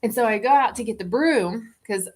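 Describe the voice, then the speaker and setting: Guest woman with a fairly high voice, animated and laughing often as she tells a story. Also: moderate pace, slightly rough. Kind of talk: casual storytelling chat.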